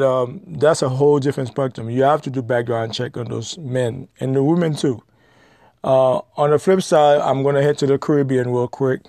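A man's voice: mid-range voice, dark tone, dry recording. A man giving blunt, lecturing advice in an opinionated monologue, repeating his points.

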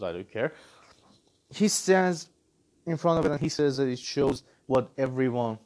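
Man, casual film review, exasperated, sarcastic, very lively pitch swings. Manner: animated, exasperated critique with sarcasm. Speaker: movie reviewer. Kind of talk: casual movie review commentary.

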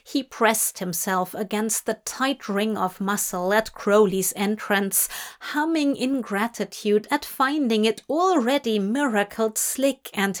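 A woman narrating a fanfiction audiobook in a steady, measured reading voice. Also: mid-range voice. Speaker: audiobook reader.

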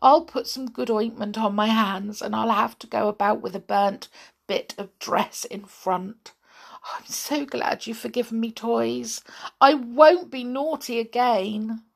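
A woman voicing a naughty big girl doll, high and pleading, close to tears. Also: fairly even intonation, unhurried, vocal fry. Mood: contrite.

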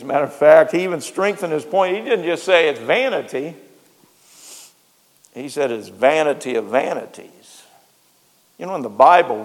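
Male pastor preaching sunday sermon, goes soft then loud, big church reverb. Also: fairly high pitch. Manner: repeats phrases for emphasis, swings between soft and loud. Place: church sanctuary. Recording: long hall reverb.

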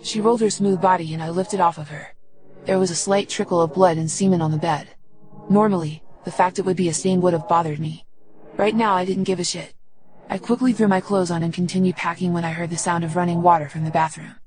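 A woman giving steady, unhurried first-person audiobook narration. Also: lowish voice, low-quality recording.

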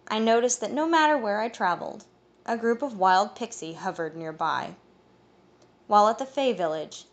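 A woman reading a fantasy audiobook in first-person narration, steady and even. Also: mid-range voice, gravelly.

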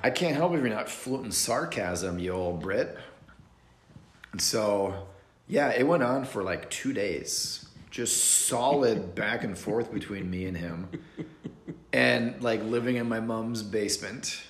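A man with a low voice talks easily on a podcast, joking and loose, often pausing on um and uh. His voice rings in a roomy, echoey space. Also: lively intonation, slight background noise. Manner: laid-back, joking, full of fillers. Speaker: podcast co-host. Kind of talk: casual chat.

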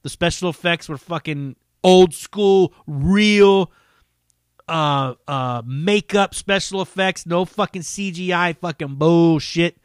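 A man's voice: fairly high pitch, takes it slowly, clear, resonant tone, no echo, studio quality. A man hosting his own podcast, talking casually in a rambling, heavily profane and enthusiastic way. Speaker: podcast host. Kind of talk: casual solo podcast talk.

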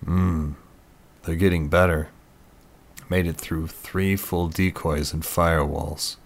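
Deep-voiced man doing an unbothered tech expert, quiet, matter-of-fact. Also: fairly even intonation, slow. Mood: musing. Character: calm knowledgeable male hacker Eric.

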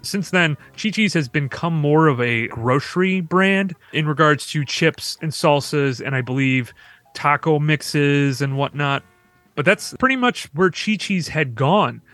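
A man co-hosting a podcast, telling stories quickly and casually with laughs and asides. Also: fairly high pitch, expressive, a bit bright, no echo, faint music behind. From Michigan. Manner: fast storytelling with laughs and asides. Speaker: podcast co-host.

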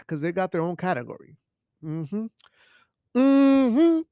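A man's voice: fairly high pitch, normal speed, no echo, dull audio. A young man hosting a show in a home studio, rambling casually and swearing, with Spanish words mixed in. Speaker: podcast host. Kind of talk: casual chat.

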